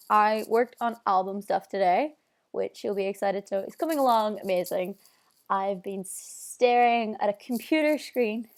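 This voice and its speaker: A young woman with a Northern Irish accent chatting casually on a live stream, bubbly and reading out viewer comments. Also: medium pitch. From Northern Ireland. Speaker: singer hosting a live stream.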